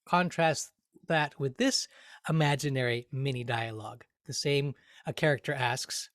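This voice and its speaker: A man teaching a grammar lesson, speaking carefully and deliberately, sounding out words to show their rhythm. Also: medium pitch, fairly bright tone, no echo, clean studio sound. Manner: slow, careful, deliberate delivery with spoken rhythm examples.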